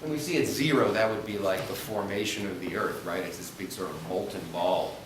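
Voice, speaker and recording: A man's voice: low-pitched, brisk. Male speaker in his thirties giving a chatty chapel talk to a class, recorded from far off in a roomy hall with background noise. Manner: conversational, checks in with frequent "all right?" and "okay?". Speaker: speaker addressing students. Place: school chapel. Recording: echoey hall, distant mic, background noise.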